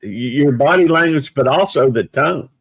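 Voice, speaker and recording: A man talking in a casual live chat, measured and reflective, with many pauses and restarts. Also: medium pitch, expressive, slightly rough, no room sound, low-quality recording.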